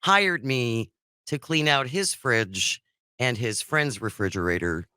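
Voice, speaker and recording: A man's voice: mid-range voice, takes it slowly, clear, resonant tone, no room sound, studio quality. A man hosting a radio talk show, teasing his co-host and taking callers. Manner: teasing, lively. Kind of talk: casual radio banter.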